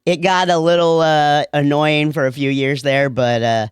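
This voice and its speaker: A man's voice: fairly high pitch, steady tone, normal speed, smooth, no echo, clean studio sound. A man in his thirties, a comedian guest on a podcast, telling easygoing stories and laughing often. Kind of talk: casual comedy podcast chat.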